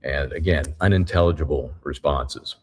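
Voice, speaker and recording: A man giving a live courtroom recap as a trial reporter, retelling events in a halting, methodical way. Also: very deep voice, husky.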